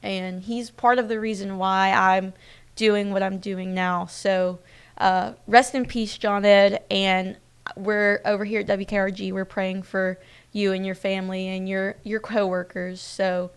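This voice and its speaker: A young woman hosts a casual streamed newscast, chatting to viewers at an everyday pitch. Her voice is smooth and clear but slips into a gravelly fry. She talks in a personal, loose way, full of fillers. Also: level tone, unhurried. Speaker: news host. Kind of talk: casual live-stream news chat.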